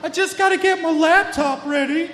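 A man voicing a dazed, rambling young adult man in a high, drawling, spaced-out voice. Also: normal speed, a bit bright. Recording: echoey hall.

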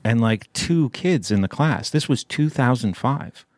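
A man's voice: medium pitch, animated, darkish tone, no echo, studio quality. A man hosting a podcast in casual chat, rambling and playful as he thinks aloud. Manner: rambling, playful, drawn-out musings. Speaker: podcast host.

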